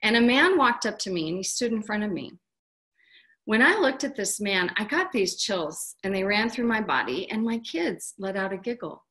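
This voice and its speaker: A woman's voice: mid-range voice, expressive, normal speed, a bit bright. A middle-aged woman, a guest author, telling a personal story in an earnest, heartfelt way.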